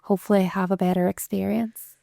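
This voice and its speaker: A woman's voice: mid-range voice, flat delivery, a little fast, vocal fry, no echo, clean studio sound. A woman hosting a podcast, chatting casually and encouraging her guest with advice. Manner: encouraging and advising, warm chatter. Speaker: podcast host. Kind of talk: casual interview chat.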